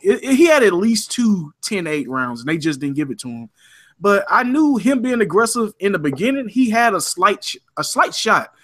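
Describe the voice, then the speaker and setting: Male co-host, lively and bright, high voice, talks over others in a sports debate. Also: normal speed. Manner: animated, repeats himself when worked up. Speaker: radio show co-host. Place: radio studio.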